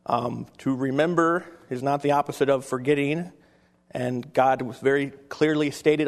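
A man's voice: mid-range voice, steady tone, normal speed, long reverb tail. A man preaching a sermon to his congregation in an easy, conversational way, reading Bible passages aloud between remarks. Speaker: pastor.

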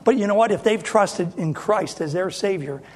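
High-voiced middle-aged male preacher. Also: normal speed. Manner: emphatic, repeats phrases for effect, addresses the congregation directly. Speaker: independent Baptist preacher. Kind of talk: sermon.

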